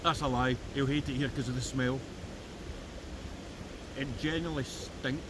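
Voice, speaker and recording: A man's voice: mid-range voice, steady tone, normal speed. A Scottish man giving a jokey running commentary on his metal-detecting vlog, filmed outdoors in the woods beside a river. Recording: noisy outdoor recording with river. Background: flowing river.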